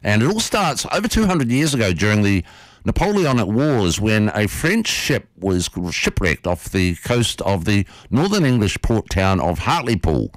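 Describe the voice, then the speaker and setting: A male radio host spins a yarn with playful energy. His voice sits low but swoops up and down expressively. The studio sound is close and dry. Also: moderate pace, dry recording. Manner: animated, playful storyteller. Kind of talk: radio storytelling and interview.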